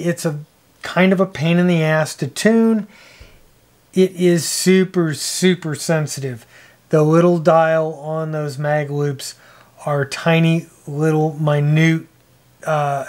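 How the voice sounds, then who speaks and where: A man hosting a ham radio video, talking casually to camera with a loose, chatty manner and frequent pauses and uhs. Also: a little high, a little mellow.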